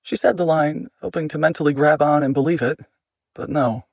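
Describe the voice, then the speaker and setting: A man narrating an audiobook in a measured, steady reading. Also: fairly high pitch, creaky, dry recording, highs cut off.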